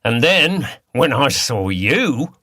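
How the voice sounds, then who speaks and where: A man's voice: medium pitch, big pitch swings, slow pace, pushed and bright, dry recording, studio quality, pitched above the performer's own voice, exaggerated voice. A man voicing a harsh, aggressive male criminal with a Cockney accent. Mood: boastful. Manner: snarling, slouching, aggressive.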